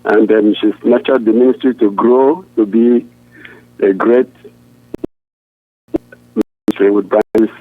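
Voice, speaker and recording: A man, a pastor, answering interview questions in an earnest, halting way with frequent restarts. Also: lowish voice, fairly even intonation, no room sound. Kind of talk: answering questions over a phone line. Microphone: phone. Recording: tinny dry phone line.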